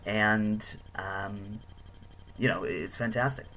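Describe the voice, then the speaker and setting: A young man telling casual travel stories, rambling with lots of fillers. His voice is bright and sharp. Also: lowish voice, fairly even intonation, takes it slowly, slight background noise. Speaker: travel vlogger. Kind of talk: casual storytelling.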